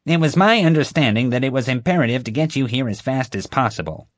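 A man voicing a loud, defensive woman in an audiobook. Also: medium pitch, animated, fast talker, voice pushed up, close to an everyday voice. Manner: yelling, defensive. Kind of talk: audiobook character voice.

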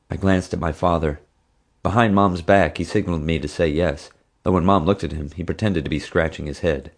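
A man narrating a first-person audiobook in an even, steady storytelling manner. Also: deep voice, moderate pace.

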